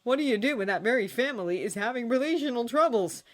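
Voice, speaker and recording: A woman narrating fan fiction as an expressive, dramatic audiobook reading. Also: a little high, quick pace. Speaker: fanfiction reader.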